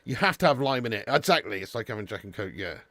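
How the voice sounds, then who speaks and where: A man's voice: mid-range voice, big pitch swings, quick pace, fairly bright tone, dry recording. A man hosting a live football watch-along, chatting casually with viewers and calling them mate and lad. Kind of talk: casual live-stream chat.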